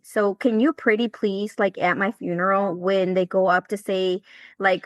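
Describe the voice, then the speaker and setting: A woman of mid pitch co-hosting a podcast, telling a story as she acts out each line of the dialogue. She swears in passing. The sound is dry and close. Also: a bit bright, dry recording. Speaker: podcast co-host. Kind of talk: casual chat.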